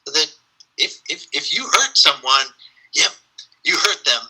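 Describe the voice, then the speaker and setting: Very bright-voiced man, storytelling guest. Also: on the high side, a little slow, husky, poor audio. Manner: animated storyteller, frequent fillers. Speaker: podcast guest, spiritual teacher. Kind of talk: casual reflective conversation.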